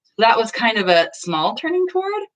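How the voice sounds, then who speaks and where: A woman's voice: fairly high pitch, very animated, fairly quick. A woman in her thirties talking casually about parenting at home, earnest and acting out small bits of dialogue. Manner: earnest, acts out little dialogues. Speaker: parenting vlogger. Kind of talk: casual talk to camera. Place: home, just in from the garden.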